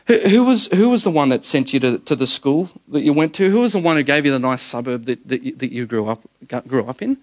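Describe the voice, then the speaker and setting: A middle-aged man preaching a sermon as pastor, telling stories with animated energy, often repeating words and calling his listeners guys. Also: mid-range voice, a little fast.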